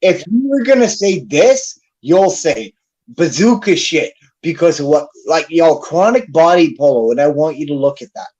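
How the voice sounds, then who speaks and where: A man's voice: on the high side, lively intonation, moderate pace, a little mellow. A man hosting a casual chat show, ranting in a heated, profane, repetitive way. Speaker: podcast host. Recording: dull lo-fi sound.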